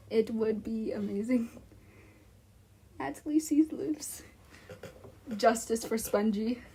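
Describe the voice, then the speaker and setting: A woman's voice: a little high, warm tone, slightly rough. A woman streamer reading fan fiction aloud on a live stream, giggling and breaking off into rambling asides.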